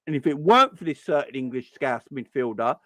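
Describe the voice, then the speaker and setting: A man's voice: medium pitch, expressive, a little fast, sharp tone, no room sound. A young man, hosting a live stream and ranting in exasperation, stumbling over restarts when he gets wound up. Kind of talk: heated fan rant on a live stream.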